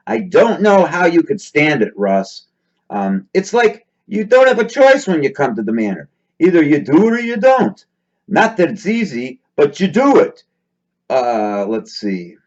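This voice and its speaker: A man talks in a loose, casual commentary style, mumbling fillers between sarcastic asides. His pitch sits a little high and swings widely. The recording sounds dull and lo-fi. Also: big pitch swings, a little slow, darkish tone. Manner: frequent hesitant fillers and restarts. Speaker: host reading out live-stream chat comments.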